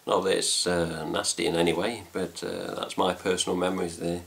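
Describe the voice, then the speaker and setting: A man's voice: sits low, level tone, a little fast, creaky, a bit bright. A man with an English accent chatting casually to camera about a trip, rambling with fillers and mild swearing. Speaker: fan site vlogger. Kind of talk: casual chat.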